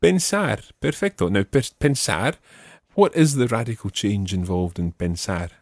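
A man's voice: fairly low pitch, animated, moderate pace, no echo, studio quality. A man teaching a Spanish lesson, patiently explaining step by step and prompting his student. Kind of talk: spoken language lesson.

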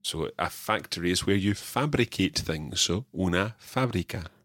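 A man teaching a podcast language lesson, drilling his learner with clear repeated phrases. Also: deep voice, lively intonation, normal speed, a bit bright, no echo, clean studio sound.

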